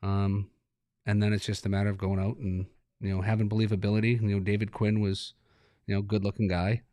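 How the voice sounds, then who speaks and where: A man's voice: fairly low pitch, flat delivery, brisk, warm tone, no echo, studio quality. A man, a hockey coach talking in an interview, laid-back and rambling, laughing as he tells stories. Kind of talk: relaxed interview talk.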